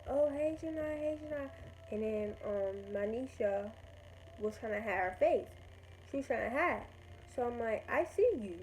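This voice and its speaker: A woman casually telling a storytime vlog, chatty, with restarts and quick voiced quotes. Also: medium pitch, a little mellow, slight background noise, low-quality recording. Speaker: vlogger.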